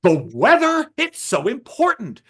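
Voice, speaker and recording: An incredulous, fervent author, as a speaker puts him on, his voice climbing high. He argues for his subject with great enthusiasm. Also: huge pitch swings, quick pace, sharp tone, slightly rough, exaggerated voice.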